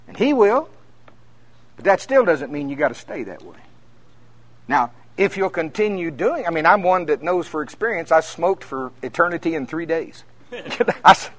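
A minister preaching at a conference, telling folksy stories that climb to emphatic peaks. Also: male voice, a little high, moderate pace, dry recording. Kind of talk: conference sermon.

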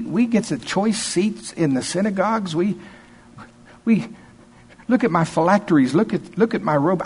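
A man's voice: sits high, a little mellow, slightly rough, voice pushed up, full character voice. A man doing a sneering, haughty Pharisee. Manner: mocking, self-important, stammering boasts. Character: haughty, sneering male Pharisee full of pride.

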